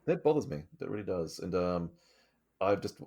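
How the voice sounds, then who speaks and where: A man with a very low, gravelly voice in casual podcast chat. His tone is slightly husky, and he talks in an earnest, thoughtful way, swearing now and then. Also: big pitch swings, normal speed, a little mellow. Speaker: podcast co-host.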